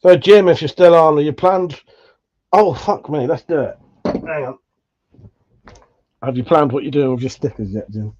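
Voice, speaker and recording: British male streamer, casual, swears a lot, slightly high voice. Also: moderate pace, long pauses, darkish tone, muffled recording. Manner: laid-back, swears freely, chuckles often. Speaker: livestream host. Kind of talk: casual live chat, reading out viewer comments.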